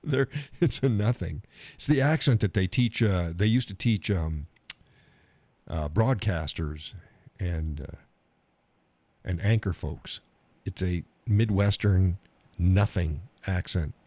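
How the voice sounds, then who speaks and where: Middle-aged man, Oklahoma accent, teasing stream host; dark, dry sound. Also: sits low, takes it slowly, pauses often, no echo. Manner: laughs often, teasing and blunt. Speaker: live stream host reading chat. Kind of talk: casual chat.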